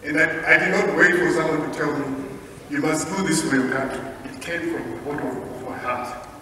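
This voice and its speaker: A man's voice: a little high, steady tone, normal speed. A middle-aged man from Zimbabwe giving an earnest, emotional speech at a public meeting, with some hesitations, heard from across a large hall. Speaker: guest speaker. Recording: echoey hall, voice from far off, audible noise.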